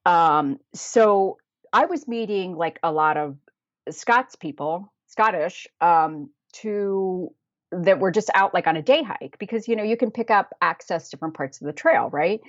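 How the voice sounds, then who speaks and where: Brief: American woman, travel guest, chatty and laughing, lowish voice, muffled lo-fi recording. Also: animated, measured pace, no room sound. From United States. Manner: chatty, laughs often, many fillers. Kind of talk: casual podcast interview. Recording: dull, dry lo-fi audio.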